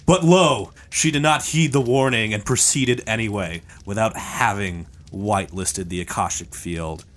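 Brief: male co-host, mock-epic narrator, lively pitch, deadpan delivery. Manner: grandiose, deadpan punchlines. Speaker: podcast co-host.

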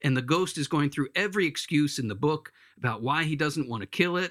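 A man's voice: mid-range voice, brisk, fairly bright tone, no echo, studio quality. An earnest man retelling a story in conversation, with hesitant restarts. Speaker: speaker giving spiritual counsel.

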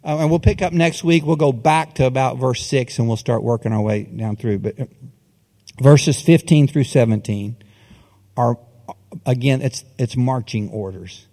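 A man preaching a sermon as pastor, folksy and animated, slipping into a coach's pep-talk manner. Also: medium pitch, moderate pace. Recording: long hall reverb.

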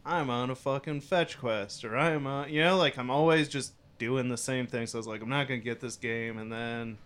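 A man in a casual group chat, animated and ranting as he tells a story, swearing often. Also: mid-range voice, moderate pace, smooth.

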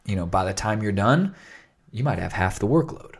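A man's voice: fairly low pitch, lively intonation, moderate pace, creaky, slightly rough. A man hosting a casual podcast chat, explaining at length with many fillers and restarts.

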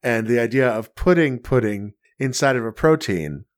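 A man hosting a podcast in casual chat, wry and joking, quick to laugh. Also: mid-range voice, lively intonation. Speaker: podcast host.

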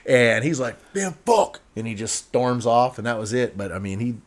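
A man's voice: mid-range voice, fairly even intonation, a little fast. A man hosting a podcast from his barbershop, telling a rowdy story in a loose, profane way and acting out the people in it. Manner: profane, rambling storyteller who acts out the people in his stories. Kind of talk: casual storytelling chat.

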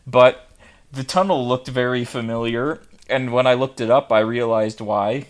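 A man co-hosting a casual film podcast, speaking haltingly and tripping over his words now and then. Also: medium pitch.

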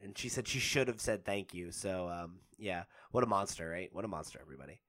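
A man's voice: low-pitched, brisk, a bit bright. A man co-hosting a podcast, chatting casually and animatedly with lots of fillers and restarts. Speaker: podcast co-host. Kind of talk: casual chat.

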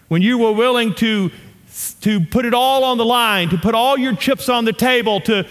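A man's voice: very high-pitched, normal speed, fairly bright tone, long reverb tail. A man in his fifties with a Southern US accent, from North Louisiana, preaching a sermon with impassioned emphasis and humorous asides. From North Louisiana, USA. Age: 50s. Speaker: pastor.

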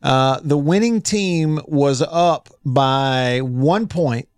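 A man's voice: fairly high pitch, very slow, clean tone, no echo, studio quality. Folksy Southern man hosting radio. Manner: folksy, animated storyteller. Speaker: radio show host. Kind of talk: casual radio talk show chat.

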